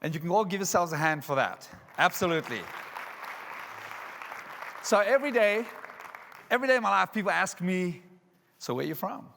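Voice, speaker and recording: A man from South Africa with a South African accent, giving an energetic, jokey motivational talk at a conference. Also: high-pitched, normal speed, gravelly, pauses often, a faint crowd, a little hiss or hum. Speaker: keynote speaker. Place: large resort conference hall. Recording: reverberant hall.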